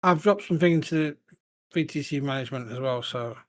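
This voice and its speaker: Teasing man chatting, slightly high. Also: fairly quick, fairly bright tone. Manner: teasing, easygoing. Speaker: convoy member on voice chat. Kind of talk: casual banter with friends.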